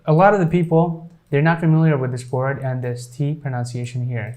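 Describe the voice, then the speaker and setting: A man's voice: mid-range voice, steady tone, fairly quick, darkish tone. A man teaching English pronunciation, explaining with many fillers and repeating example sentences. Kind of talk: pronunciation lesson.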